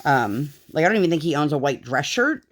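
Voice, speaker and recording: A woman's voice: low voice, sing-song, brisk. A woman vlogger and mother chatting casually while crafting, telling rambling stories full of fillers. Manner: rambling storytelling, many fillers.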